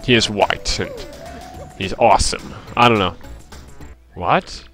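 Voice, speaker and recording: A man's voice: lowish voice, animated, slow pace, pauses often, a bit bright, faint music behind. A man giving casual, rambling, self-deprecating commentary while playing a video game and reading characters' lines aloud. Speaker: let's play host.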